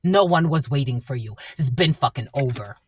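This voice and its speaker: A woman's voice: rumbling low, lively intonation, moderate pace, breathy edge. A woman giving a tarot reading who swears often and repeats herself bluntly. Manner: profane, blunt and repetitive. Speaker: tarot reader. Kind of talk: angry spiritual tarot reading.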